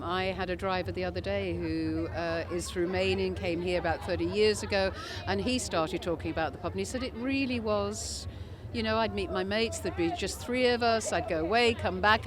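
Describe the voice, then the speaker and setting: A woman chatting at an outdoor red carpet premiere, telling little stories and laughing easily. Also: mid-range voice. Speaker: premiere guest. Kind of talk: casual red carpet chat. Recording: loud crowd behind.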